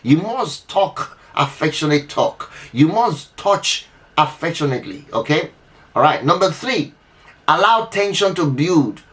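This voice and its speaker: Man, relationship advice host, emphatic, repeats himself, fairly high voice. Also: very animated, unhurried, a bit bright. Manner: emphatic, repeats and restarts phrases, addresses listener directly. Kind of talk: unscripted advice talk to camera.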